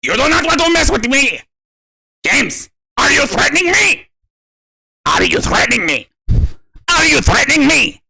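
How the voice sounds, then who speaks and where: A frantic cartoon teen who shrieks out his demands in a high, wildly swooping voice. The voice is piercing and bright, and it jumps up and down at full volume. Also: very animated, normal speed, gravelly, pauses often, full character voice. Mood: ranting. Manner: shouted, wild high-pitched ranting.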